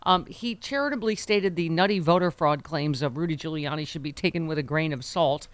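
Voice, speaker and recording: Woman, talk radio host, sarcastic, animated, quick asides. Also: deep voice, no echo. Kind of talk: political talk radio chat.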